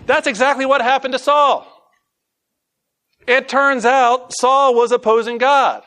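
A man's voice: extremely high pitch, fairly even intonation, unhurried, long pauses, pushed and bright. A man with a Southern US accent, teaching a casual Bible study, joking and laughing at himself between scripture readings.

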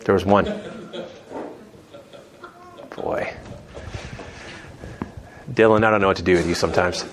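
A man's voice: sits low, steady tone, normal speed, noisy background. A man leading a conversational Bible teaching, chatty, with joking asides and restarts.

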